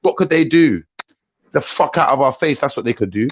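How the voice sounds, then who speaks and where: A man, ranting and swearing through a heated panel discussion. His voice sits at an ordinary middle pitch. He keeps repeating himself to hammer each point home. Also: lively intonation, fairly quick, lo-fi sound. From Jamaican heritage, raised in UK. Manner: angry, ranting, swears freely. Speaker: panel host.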